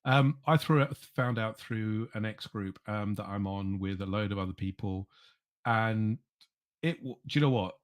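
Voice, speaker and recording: A man's voice: fairly low pitch, moderate pace. A man appearing as a guest on a live stream, chatting casually and playfully. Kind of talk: casual chat.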